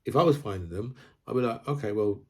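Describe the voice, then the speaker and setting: A man's voice: mid-range voice, lively intonation, fast talker, darkish tone. Rambling man ranting about politics. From Britain. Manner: rambling, repeats himself, keeps asking "right?". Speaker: political commentator. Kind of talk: casual political rant.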